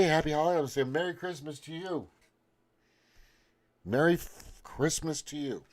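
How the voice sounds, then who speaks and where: A man's voice: mid-range voice, a little mellow. A middle-aged man ranting in casual commentary, sarcastic and swearing constantly. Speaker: commentary host.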